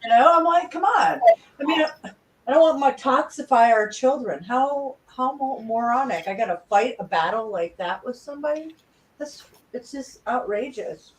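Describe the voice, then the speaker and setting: A woman's voice: on the high side, animated, normal speed. A woman in casual chat, speaking emphatically and indignantly. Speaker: participant in a group chat. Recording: distant from the mic.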